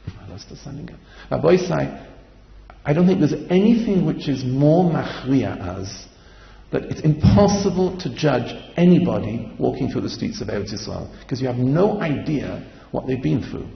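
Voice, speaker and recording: A man's voice: mid-range voice, expressive, moderate pace, creaky, reverberant, big-room sound, highs cut off. A man giving a Torah lecture as a sermon, asking repeated rhetorical questions and chanting verses. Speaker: rabbi giving a Torah class.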